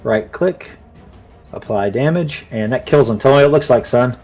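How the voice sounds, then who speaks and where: A man running a tabletop role-playing game as game master, narrating in a relaxed, chatty way with many fillers. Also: mid-range voice, normal speed, soft background music.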